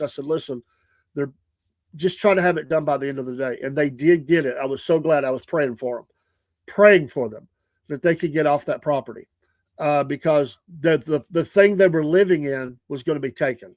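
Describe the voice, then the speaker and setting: This sixty-something man with a Southern accent rambles earnestly through his casual morning show, restarting often and chuckling softly at a normal speed. His slightly high, somewhat mellow voice comes through a dry, close recording with no sense of room.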